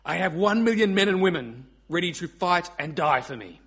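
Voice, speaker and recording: A man voicing a stern, boastful male dictator with a flat, menacing delivery. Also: high voice, normal speed, breathy edge, full character voice.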